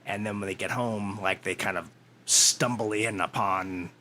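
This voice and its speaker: Bright-voiced male co-host, faint hiss. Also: on the low side, fairly even intonation. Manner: quick agreeing interjections, fills in plot details. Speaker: podcast co-host. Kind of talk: casual movie commentary chat.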